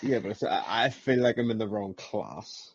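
A man who races as a guest on a casual podcast, answering modestly and haltingly. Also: fairly low pitch, slightly rough, muffled recording. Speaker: podcast guest, sim racing driver.

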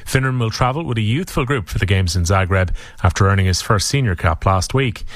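A man reading a scripted sports bulletin on radio with a brisk, crisp read. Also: medium pitch, no echo. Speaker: sports newsreader.

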